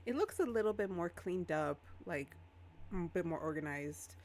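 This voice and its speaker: Lively gm lady narrating, a bit of hiss in the background. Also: lowish voice, normal speed. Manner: lively, laughs easily. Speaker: game master. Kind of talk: narrating a tabletop game.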